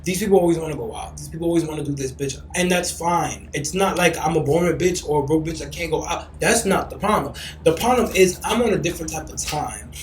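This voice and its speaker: A man's voice: a little high, quick pace, few pauses, echoey room, slight background noise, poor audio. A young man hosting a podcast in casual chat, brash and profane, breaking into mocking shrieks. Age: young adult. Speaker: podcast host. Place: lives in Los Angeles.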